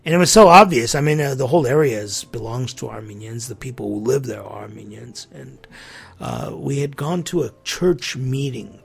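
A man's voice: mid-range voice, normal speed, vocal fry, breathy edge, faint music behind. A man hosting a religious talk show, telling a story in an earnest, reflective way that sometimes drops almost to a whisper. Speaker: host.

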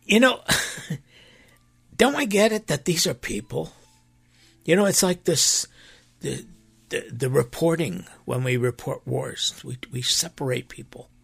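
With a gravelly, husky mid-range voice, this preacher speaks unhurriedly and leaves long pauses. His impassioned, conversational talk is earnest and emphatic, rising animatedly and slipping into quoted voices. The recording is dry.

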